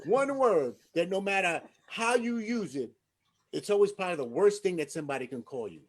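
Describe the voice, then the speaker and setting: A man's voice: high-pitched, expressive, a little fast. A man hosting an open mic comedy show over a video call, doing a chatty stand-up bit, laughing and asking the crowd "right?".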